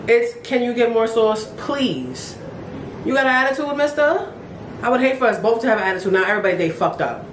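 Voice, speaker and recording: Woman as a sassy fast-food manager. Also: medium pitch, animated, fairly bright tone, roomy sound, slight background noise, natural voice. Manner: sassy, sarcastic.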